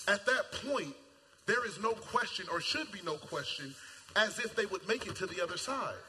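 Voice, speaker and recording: A man preaching a sermon in a casual, colloquial way, animated and playful, jumping into character voices and shouting at high points. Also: normal speed. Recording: long hall reverb, faint ambience.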